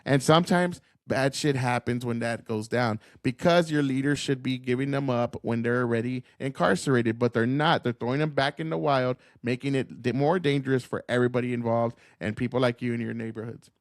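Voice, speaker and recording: A man rants with a gravelly, fry-laced voice, combative and profane. His sound is dry and close. He talks as the host of a commentary show. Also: mid-range voice, fairly even intonation, brisk, few pauses, no room sound. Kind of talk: ranting commentary.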